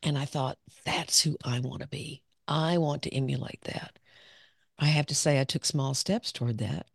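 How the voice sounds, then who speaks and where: Gravelly woman telling her story. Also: a bass voice, fairly even intonation, moderate pace, no room sound, studio quality. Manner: reflective, self-revealing, laughs often. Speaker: clinical psychologist, podcast guest. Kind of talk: candid personal storytelling.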